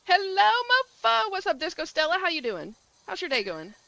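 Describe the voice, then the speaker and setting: A woman with a Southern Georgia drawl chats on a game stream, greeting viewers by name. Her voice sits high, swings up and down, and sounds crisp and bright. It is recorded close and dry. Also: huge pitch swings, fast talker, no room sound, poor audio. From Georgia, USA. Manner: upbeat, greets chat by name. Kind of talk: casual live-stream chat.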